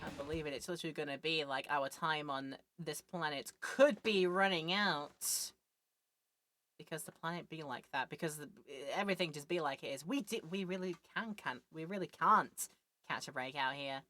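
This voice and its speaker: A woman's voice: sits low, normal speed, pushed and bright. A woman streamer chatting casually and joking while playing a video game. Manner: chatty, jokey, thinks aloud. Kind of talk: casual let's-play commentary.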